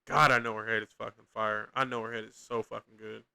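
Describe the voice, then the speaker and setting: A young man hosting a podcast reacts to clips with casual, profane, rambling commentary packed with slang and restarts. His voice sits on the low side and comes out fast, flat, creaky, pushed, and bright, with a clean tone.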